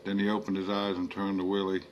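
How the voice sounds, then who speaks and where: A man narrating a horror story in a slow, measured reading. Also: low voice, monotone, muffled recording, a little hiss or hum.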